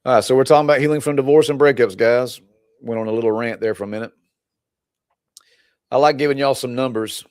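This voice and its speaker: A man's voice: mid-range voice, steady tone, fast, pauses often, darkish tone, clean tone, no room sound. Chatty man coaching in a dry, close voice. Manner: rambling, chatty, laughs often. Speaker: relationship coach. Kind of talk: casual livestream talk to viewers.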